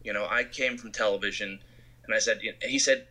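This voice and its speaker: A man's voice: fairly low pitch, fairly quick. A man from Arizona, a film director, telling anecdotes in an interview and acting out quotes. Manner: animated storyteller who acts out quotes.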